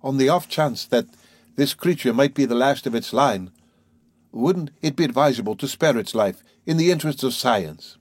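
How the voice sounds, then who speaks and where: A man's voice: mid-range voice, animated, moderate pace, slightly rough, no echo. A man voicing an earnest, formal young male servant in a read-aloud adventure story.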